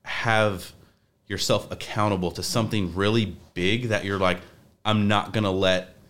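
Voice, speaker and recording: A man's voice: on the low side, steady tone, a little slow, fairly bright tone. A young man, a podcast guest, talking casually in a rambling way with many restarts. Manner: rambling, restarts often, says like a lot.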